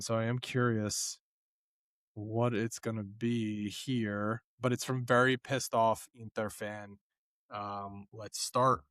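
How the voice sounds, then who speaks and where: A man hosting a casual podcast, measured and thoughtful, who leans on plenty of ums. His pitch sits in the middle, and the sound is dry and close to the mic. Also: a bit bright, no echo. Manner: measured, thoughtful, many fillers. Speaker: podcast host.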